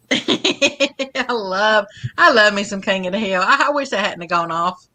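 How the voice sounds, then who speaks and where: A woman co-hosting a casual live panel chat, blunt and quick to laugh. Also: medium pitch, lively intonation, pushed and bright.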